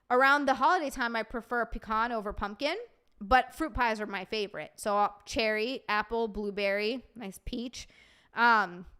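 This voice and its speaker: Lady streamer chatting w her viewers, high voice, swears a lot, super animated. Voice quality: animated, swears freely, reacts to chat. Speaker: streamer host. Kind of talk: casual livestream chat reading viewer comments.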